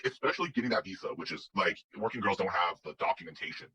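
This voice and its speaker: A man's voice: low voice, expressive, fast talker, pushed and bright, breathy edge, low-quality recording. A man telling a personal story in a casual, rambling way, full of restarts and quoted dialogue. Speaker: guest telling his story.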